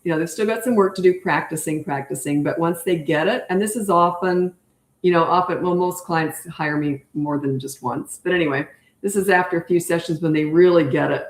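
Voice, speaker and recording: An older woman with a lowish voice talks chatty and emphatic, answering viewers' questions as a parenting coach on a live stream and hammering her main points home. The room around her gives a clear echo. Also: brisk.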